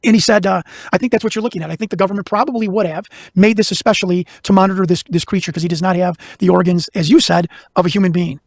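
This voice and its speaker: Fast-talking animated man telling a story. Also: high voice, no echo, clean studio sound. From Chicago. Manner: fast, animated, talks over himself with restarts. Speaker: guest investigator. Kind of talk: casual storytelling interview.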